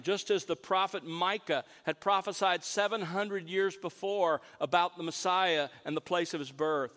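A man delivers an earnest sermon, his voice sitting a little higher than most men's. He slows down and leans on the words that matter most. The sound rings out with a long, lingering echo, as in a big hall. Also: a bit bright. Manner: earnest preaching, stresses key words slowly. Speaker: pastor.

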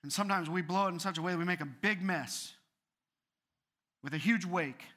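A man's voice: sits high, brisk, fairly bright tone. A man preaching an earnest sermon as a pastor, building to fervent appeals.

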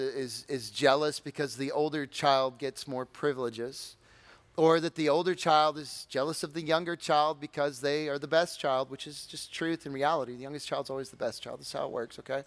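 A man preaching a sermon as pastor, conversational and animated, with humorous asides and acted-out voices of excited listeners. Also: smooth, no room sound. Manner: animated, acts out excited congregants in high shouts.

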